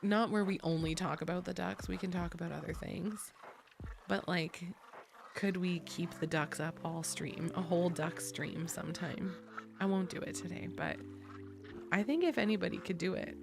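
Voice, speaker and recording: An American woman streaming, chatting casually with viewers, giggly and chatty and loudly excitable. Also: lowish voice, moderate pace, creaky, over music.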